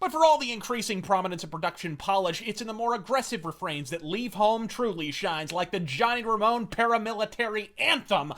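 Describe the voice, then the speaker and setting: High bright profane male ranter. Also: animated, a little fast, hardly any pauses. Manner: profane, sardonic, shouty. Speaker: video reviewer. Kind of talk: scripted comedic rant narration.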